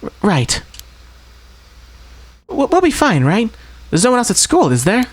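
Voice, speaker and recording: A woman reading aloud as a nervous schoolgirl who asks anxious questions, in a higher voice than her own. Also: huge pitch swings, a little slow, heavily acted. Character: nervous, jumpy schoolgirl lost in the dark. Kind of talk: reading game dialogue aloud.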